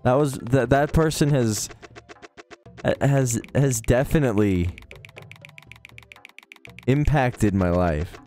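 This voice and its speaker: A man's voice: mid-range voice, slow, long pauses, dark tone, faint music behind. A man telling rambling, profane anecdotes in casual chat on a live stream, with chuckles along the way.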